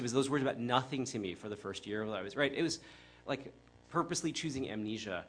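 A middle-aged man from the Chicago area delivers a sermon in an earnest, reflective tone. His voice sits in an ordinary middle pitch, and he speaks conversationally, often pausing on fillers and correcting himself mid-sentence. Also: expressive. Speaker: preacher.

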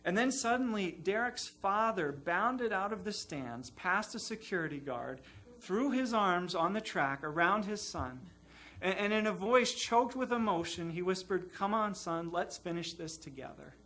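A man preaching with a high, bright voice that carries clearly. He sounds earnest and emphatic, stacking repeated phrases to drive each point home in a sermon. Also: lively intonation, unhurried. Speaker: pastor.

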